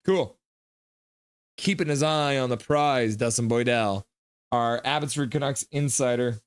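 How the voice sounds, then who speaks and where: A male hockey streamer talks casually at a mid pitch, reading his chat aloud and now and then bursting into high shouted impressions of viewers. The sound is dry and close, with no room echo. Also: unhurried, smooth. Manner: chatty, reads viewer comments and acts them out in sudden high shouts. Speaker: hockey live-stream host.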